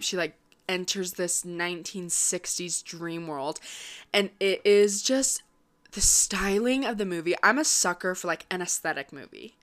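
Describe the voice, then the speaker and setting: A young woman vlogger chatting casually to her viewers, quick and upbeat, with lots of fillers. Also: mid-range voice, sharp tone, clear, resonant tone. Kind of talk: casual chat.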